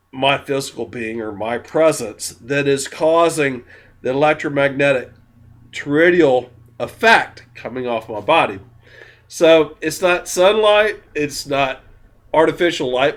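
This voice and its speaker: A man who is drunk, talking in a slow, meandering, giggly way with many ums in a spiritual monologue to camera. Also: mid-range voice, fairly bright tone. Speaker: spiritual vlogger.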